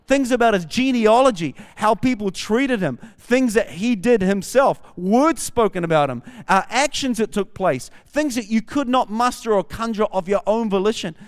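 A man's voice: high voice, clean tone. A man with a New Zealand accent, a campus pastor preaching a sermon and reading scripture aloud with rising fervor. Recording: long hall reverb.

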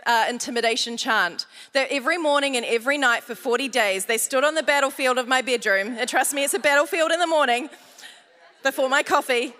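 A woman's voice: high-pitched, sharp tone. Australian woman preaching with playful humor. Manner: humorous storytelling with audience call-outs. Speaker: pastor. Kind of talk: sermon. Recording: long hall reverb.

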